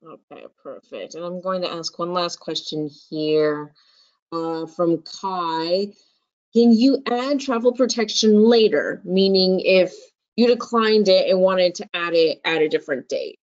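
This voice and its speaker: A woman's voice: fairly low pitch, a little slow, darkish tone. A woman hosting a live webinar, chatty and enthusiastic as she reads out questions and thanks her guest. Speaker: webinar host. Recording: slightly dull lo-fi sound.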